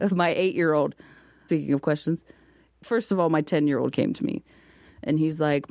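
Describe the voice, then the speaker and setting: A woman comedian in her thirties, a guest on a casual podcast, telling animated stories and laughing often. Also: low voice, moderate pace, vocal fry, dry recording, clean studio sound. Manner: animated storyteller, laughs often, acts out her kids' voices.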